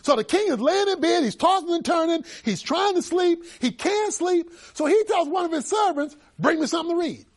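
A male pastor preaching a sermon, telling stories animatedly, with bursts of shouting. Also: very high voice, lively intonation, normal speed, few pauses.

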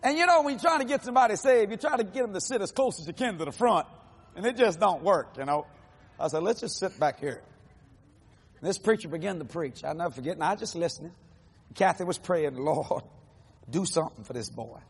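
A man in his sixties preaching a testimony sermon, telling his story in a lively, animated way and acting out the voices of others, with casual folksy grammar. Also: sits high, fast, husky, in a large hall. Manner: animated storytelling, acts out quotes.

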